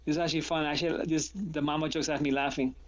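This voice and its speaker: A man with a somewhat high-pitched voice chats casually as a guest on a stream. He is easygoing and often stops and restarts his sentences. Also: fairly even intonation, quick pace.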